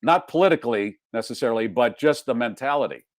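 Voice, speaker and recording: A man's voice: mid-range voice, expressive, quick pace, no room sound, studio quality. An older man from Chicago hosting a casual interview, joking and conversational. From South Side of Chicago. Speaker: host.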